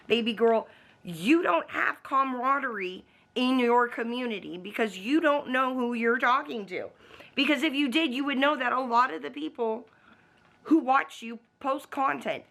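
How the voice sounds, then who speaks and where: A woman's voice: a little high, animated, normal speed, creaky, a bit bright. A woman vlogging from home in a casual, blunt, profane rant aimed straight at the camera. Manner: talks to the camera.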